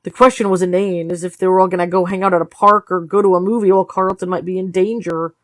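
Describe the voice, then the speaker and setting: A tired woman reading a novel aloud in steady, low-key storytelling narration. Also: fast talker, no room sound. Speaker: audiobook reader. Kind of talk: read-along narration of a novel.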